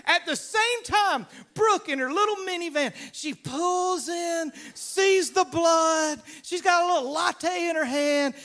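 A Louisiana pastor with a Southern drawl delivers his sermon as lively, funny storytelling, acting out the characters' voices. His pitch is extremely high, and he talks slowly with hardly any pauses.

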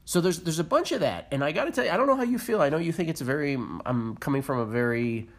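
A man's voice: on the high side, expressive, fast talker. A man co-hosting a podcast, giving his blunt, opinionated take on a reality show with swearing and mocking impressions. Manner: opinionated, swears, mimics people. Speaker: podcast co-host. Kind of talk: casual reality-TV recap chat.

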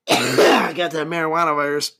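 A man's voice: fairly high pitch, slow pace, sharp tone. Rambling, cursing man in his thirties. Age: 30s. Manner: rambling, profane, joking. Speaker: podcast host. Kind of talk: casual solo podcast rant.

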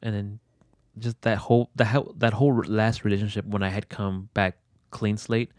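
A young man tells a personal story in an interview, rambling, leaning on fillers and swearing freely in candid conversation. His voice is on the low side and darkish, with a steady tone at a moderate pace. The sound is clean and studio-like, with no room sound.

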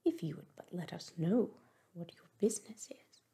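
A woman's voice: lowish voice, lively intonation, normal speed, gravelly, dark tone, breathy edge, heavily acted. Woman whispering as a nosy older hostess, whispered role-play. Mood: prying.

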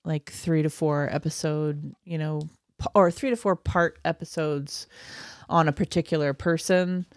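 A chatty woman co-hosting a loose podcast, her voice sitting a little low for a woman. She laughs easily and trails off mid-thought before starting over. The recording is close and dry, from a small shared room. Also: fairly even intonation, measured pace, darkish tone, no echo. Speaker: podcast co-host. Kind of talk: casual chat.

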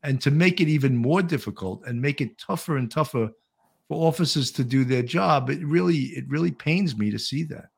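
A man's voice: fairly high pitch, a little fast, creaky, breathy edge. An older man with a New York accent, a retired police officer hosting a talk show in a rambling, chatty way. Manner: rambling, with many restarts. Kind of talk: casual talk show chat.

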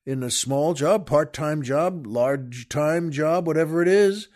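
Man playing naive young job-seeker gal, a bit higher, eager and chatty. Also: unhurried, a little mellow, close to an everyday voice. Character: young pretty woman seeking work, naive.

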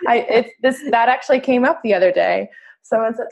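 A woman hosting a casual conversation, earnest and lively when she tells a story. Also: a little high, brisk, creaky, dull audio. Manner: earnest, animated when telling stories.

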